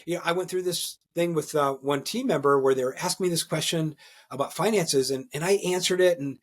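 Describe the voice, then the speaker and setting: A husky man with a fairly high voice, explaining leadership ideas in a lively podcast chat. He talks with emphatic energy, keeps checking in with "right?", and trips over repeated words when excited. His tone is slightly raspy throughout. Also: a little fast. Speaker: executive coach and guest. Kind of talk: conversational podcast interview.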